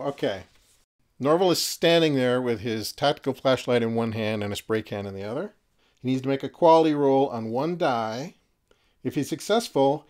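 A man narrating and refereeing a horror miniatures game, chatty and quick to laugh at his own jokes. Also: mid-range voice, darkish tone. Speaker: game master.

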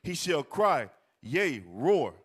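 A man reading scripture aloud in a class, steady and measured. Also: fairly high pitch, slightly rough.

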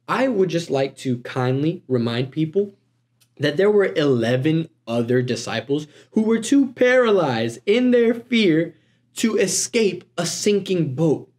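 A guest preacher delivers a sermon in a conversational, animated style, tossing casual asides to the congregation. He speaks at medium pitch and a normal speed.

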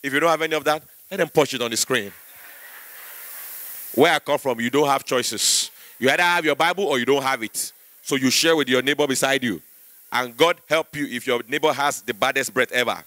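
A young Nigerian man doing animated stand-up comedy in a church, acting out voices and rising to shouts. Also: mid-range voice, brisk, no room sound.

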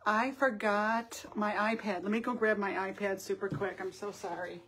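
Friendly middle-aged woman art teacher, casual live-stream host, chatty and quick to laugh, faint background hiss. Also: medium pitch, steady tone, a bit bright. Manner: chatty, laughs often, greets viewers by name. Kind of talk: casual live craft demo. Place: home art studio.

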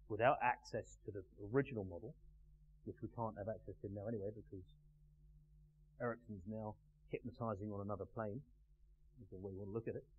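Man teaching a workshop, slow and emphatic, asks the room questions, faint hum behind. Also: lowish voice. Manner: measured, emphatic delivery with pauses and questions to the class. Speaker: NLP trainer. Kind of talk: classroom lecture to a live group. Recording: tinny phone-like sound with faint hum.

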